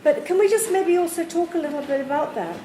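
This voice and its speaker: A woman with a very high, warm, expressive voice talks quickly as she questions a writer at a university event. Her questions are thoughtful and probing in this public literary discussion. Background noise and echo fill the room.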